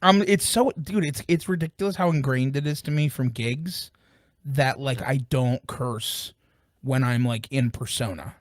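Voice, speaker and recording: A man's voice: medium pitch, a little slow, dry recording, studio quality. A man co-hosting a casual music review podcast, joking and rambling with plenty of fillers. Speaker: podcast co-host.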